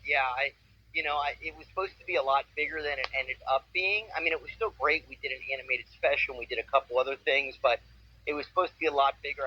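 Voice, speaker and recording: A man's voice: mid-range voice, slightly rough. A man in his forties, a voice actor telling stories in a casual interview with an upbeat, enthusiastic manner. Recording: muffled with faint noise.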